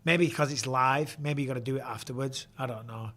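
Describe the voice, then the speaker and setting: A middle-aged man with a northern English accent, hosting a live watchalong and chatting casually with viewers, blunt and quick to swear. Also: medium pitch, steady tone, pushed and bright. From England. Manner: casual and blunt, swears freely, reads viewer questions aloud. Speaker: host.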